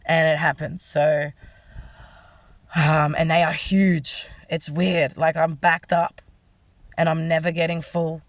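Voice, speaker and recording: A woman's voice: sits low, little pitch movement, slow, long pauses, no room sound. An Australian woman giving a rambling, distressed, frank personal monologue. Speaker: vlogger.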